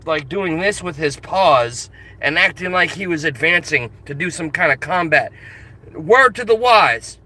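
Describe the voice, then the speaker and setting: A man's voice: sits high, sharp tone. A man vlogging from his car into a phone, ranting passionately and animatedly in casual commentary. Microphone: phone camera.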